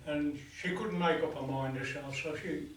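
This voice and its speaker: A man telling long jokes at a folk club night, in an unhurried, halting way with many pauses and fillers. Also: on the high side, fairly even intonation. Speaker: joke teller at a folk club. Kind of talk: telling long shaggy-dog jokes to a live audience. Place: folk club room, live performance. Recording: echoey club room, mic far off, faint ambience.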